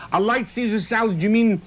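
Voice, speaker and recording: A high-pitched, excitable middle-aged man trading jokes as a guest cook. He talks in quick bursts and breaks into squealing laughs. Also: low-quality recording. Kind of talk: comic chat while cooking.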